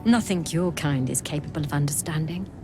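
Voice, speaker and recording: A woman voicing a haughty githyanki healer who talks in a hushed, clinical and condescending way, over game music. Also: low-pitched, fairly quick. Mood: scornful.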